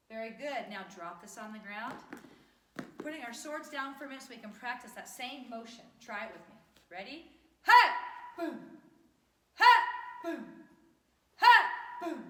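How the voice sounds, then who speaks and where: A woman teaching a children's taekwondo class, playful and upbeat, shouting out kiai counts. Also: high voice. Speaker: taekwondo instructor. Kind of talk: kids' martial arts class instruction. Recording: echoey, distant camera audio.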